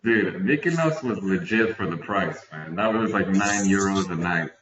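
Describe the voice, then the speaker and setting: A man casually swapping profane travel stories with his friends, telling them in an animated way. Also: low voice, normal speed, roomy sound, far from the mic, highs cut off. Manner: animated, profane anecdote-teller. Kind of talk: casual storytelling.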